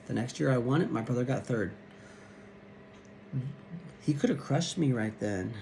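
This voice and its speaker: Blunt, warm-voiced man in his fifties. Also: mid-range voice, animated, normal speed, creaky, pauses often, slight background noise. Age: 50s. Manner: blunt, plain-spoken, acts out quoted voices. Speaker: wrestling coach. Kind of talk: storytelling talk to camera.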